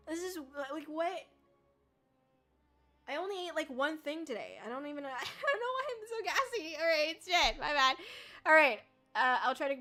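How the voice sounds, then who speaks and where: A woman's voice: high voice, bright, forceful tone. A young woman streaming casually, chatty and bubbly, laughing often and swearing lightly as she reads viewer comments. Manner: emotional, tearful when thanked. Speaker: VTuber streamer. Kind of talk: casual livestream chat reading viewer comments.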